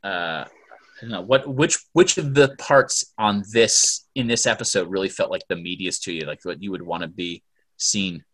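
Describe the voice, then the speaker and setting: Male podcast host, relaxed chat, stumbling and animated delivery. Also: low voice. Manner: animated, halting, laughs often. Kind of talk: casual chat.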